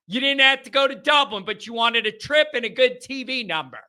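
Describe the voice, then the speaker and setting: A man's voice: very high voice, animated, a little fast, pushed and bright. A man hosting a college football show, giving casual, emphatic commentary with a sarcastic edge.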